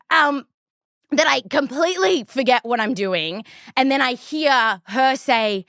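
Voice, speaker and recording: A woman's voice: fairly high pitch, animated, unhurried, a bit bright, no echo, clean studio sound. An Australian woman hosting a podcast, telling a story in a chatty way with plenty of fillers. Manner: chatty, lots of likes and ums. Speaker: podcast host. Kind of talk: conversational storytelling.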